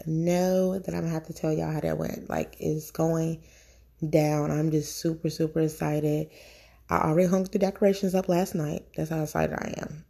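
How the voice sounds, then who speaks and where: Woman podcaster, mom, low mellow gravelly voice, talkative and rambling, a bit nervous, recorded on a phone. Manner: chatty, rambling, enthusiastic. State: a little nervous. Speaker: podcast host, stay-at-home mom. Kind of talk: casual solo podcast talk.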